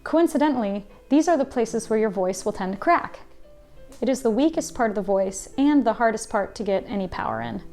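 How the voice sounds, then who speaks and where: A woman voice teacher giving a scripted singing lesson, explaining clearly and now and then demonstrating sounds. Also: on the high side, expressive, a little fast, darkish tone, reverberant, faint music behind. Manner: clear instructive delivery with sung demonstrations.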